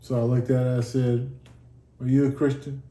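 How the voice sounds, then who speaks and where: A man's voice: medium pitch, flat delivery, normal speed, mellow. A man giving an earnest testimony in a casual sit-down chat, acting out the dialogue as he tells it. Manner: earnest storytelling, acts out quoted dialogue. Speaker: guest telling his near-death story. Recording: echoey room.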